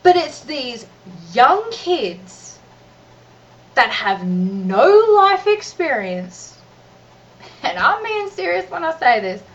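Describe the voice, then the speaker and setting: A woman's voice: sits high, very animated, takes it slowly. A mother ranting to her vlog camera, exasperated and emphatic, often restarting her sentences. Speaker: mother and vlogger. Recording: distant, dull lo-fi recording with faint noise.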